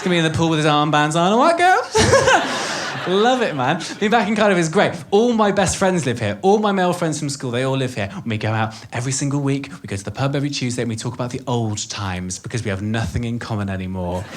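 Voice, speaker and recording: This stand-up set comes from a Welshman in his thirties whose mid-range voice moves quickly with few pauses. Chatty and cursing, he plays to the crowd at a comedy club, and audience noise carries through the live recording.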